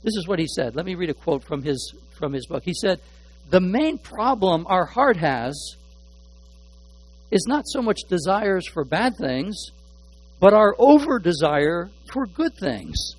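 High-voiced pastor with halting delivery. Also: male voice, big pitch swings, low-quality recording. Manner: halting, repeats words while searching for phrasing; shifts between hushed asides and emphatic stressed words. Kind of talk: sermon.

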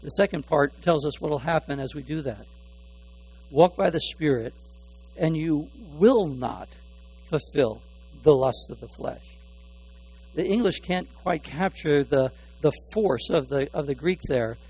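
High-voiced pastor with halting delivery. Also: male voice, lively intonation, breathy edge, low-quality recording. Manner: halting, repeats words while searching for phrasing; shifts between hushed asides and emphatic stressed words. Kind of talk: sermon.

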